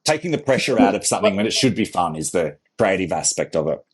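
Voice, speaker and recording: Breathy Australian man, rambling. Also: deep voice, animated, quick pace. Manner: loose, rambling, many restarts. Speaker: guest, photographer and content creator. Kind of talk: casual interview chat.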